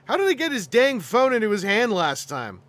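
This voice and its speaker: A man's voice: sits high, wildly swooping pitch, fairly quick, fairly bright tone. A man chatting casually on a livestream as host, rambling with lots of asides and frequent laughter. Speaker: toy collecting streamer.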